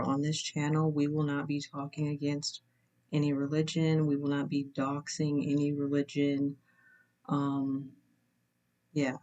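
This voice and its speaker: A young woman hosting her channel, telling a personal story in a casual, measured way and checking in with "right?" asides. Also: low-pitched, warm tone.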